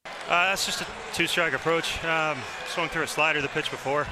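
A young man, a baseball player, giving a quick, casual postgame interview with fillers. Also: fairly high pitch, steady tone, background noise.

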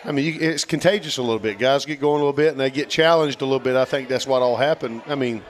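A man with a mid-range voice reminisces about his playing days. He talks in a halting, meandering way, leaning on fillers as he goes. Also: mid-range voice. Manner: halting, full of fillers like "you know". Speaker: former pitcher guest. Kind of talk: casual baseball podcast chat.

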